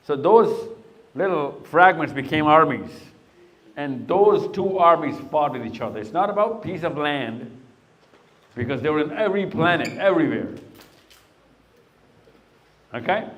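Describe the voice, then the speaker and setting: A man's voice: fairly high pitch, expressive, measured pace, long pauses, a bit bright. A middle-aged man speaking to young people in a live talk, quizzing them patiently and then telling a long story. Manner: questioning, coaxing and storytelling.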